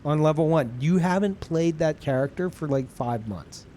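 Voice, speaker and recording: A man's voice: on the high side, lively intonation, moderate pace, warm tone, a little hiss or hum. A young man streaming a game, chatting casually with viewers in a laid-back, profane, rambling way. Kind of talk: casual chat with stream viewers while gaming.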